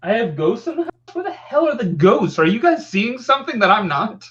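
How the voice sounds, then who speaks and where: A man with a high voice trades playful quips on a live stream. His audio comes through dull and lo-fi, as if from a remote connection with the top end cut off. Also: sing-song, a little fast, a bit bright. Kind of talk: casual live-stream chat.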